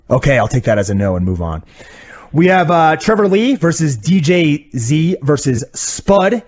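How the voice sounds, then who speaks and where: Male podcast co-host, higher voice, animated, wry rambling recap, lo-fi sound. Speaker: podcast co-host reviewing wrestling. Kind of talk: casual recap chat. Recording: dull lo-fi audio.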